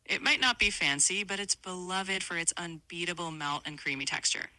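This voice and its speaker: A synthetic female assistant voice, polite and smooth, answering in tidy chatbot replies. Its tone is very bright and crisp, with a dry, close sound and no room around it. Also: fairly low pitch, normal speed, no room sound, low-quality recording. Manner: polite, smooth, evenly agreeable.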